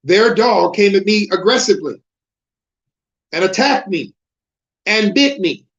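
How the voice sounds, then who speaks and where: A man's voice: high voice, lively intonation, measured pace, fairly bright tone. A man preaching a sermon with passion, asking rhetorical questions and repeating his words as he builds a point. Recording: dull lo-fi broadcast audio.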